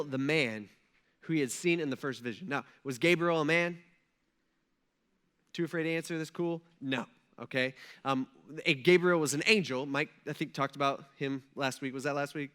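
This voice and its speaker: A man's voice: fairly high pitch, a bit bright. A male pastor preaching a sermon in a conversational way, often checking in with the congregation and acting out quoted prayers. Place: church auditorium.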